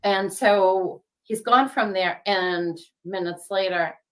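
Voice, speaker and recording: A woman's voice: medium pitch, slow, a bit bright. A woman in her fifties, an interview guest, recounting a personal story in a chatty way with lots of fillers. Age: 50s. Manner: chatty, many fillers, quotes others.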